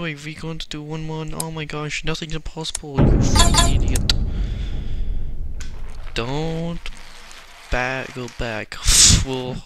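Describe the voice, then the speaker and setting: A young man with a put-on German accent commentating a game casually, with frustrated outbursts. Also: a little high. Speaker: gameplay commentator. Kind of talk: casual let's play commentary. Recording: loud background noise.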